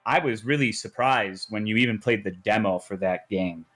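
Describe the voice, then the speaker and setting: A man in a casual podcast conversation, earnest and deliberate as he lays out his complaints. His voice sits on the low side, and he speaks plainly and steadily. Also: fairly bright tone. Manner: earnest, deliberate, airing grievances. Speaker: podcast guest.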